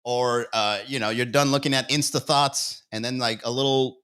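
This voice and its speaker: This is a man hosting a loose comedy livestream, rambling from bit to bit with plenty of swearing. He chuckles at his own jokes and talks straight to the viewers in chat, in a voice of ordinary middle pitch for a man. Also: fairly even intonation, moderate pace, fairly bright tone, clean tone. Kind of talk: casual livestream banter.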